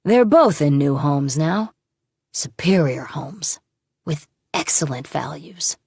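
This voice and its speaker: A smug male villain read by a woman narrator taunts in a low, gravelly voice. He speaks slowly, coldly and mockingly, and the recording is close and dry. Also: animated, dry recording, full character voice. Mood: menacing. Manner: cold, mocking, softly menacing. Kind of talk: audiobook character reading.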